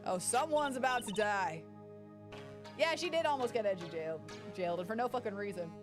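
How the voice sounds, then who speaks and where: A woman's voice: medium pitch, animated, brisk, music in the background. A woman casually commenting through a game playthrough, chatty, giggly and self-deprecating. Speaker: gaming streamer.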